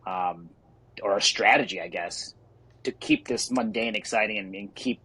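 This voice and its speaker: Husky-voiced guy hosting a podcast, kinda stumbles thru his questions. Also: fairly low pitch, moderate pace, bright, forceful tone, poor audio. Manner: hesitant, restarts questions. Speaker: podcast co-host. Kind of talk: casual podcast chat.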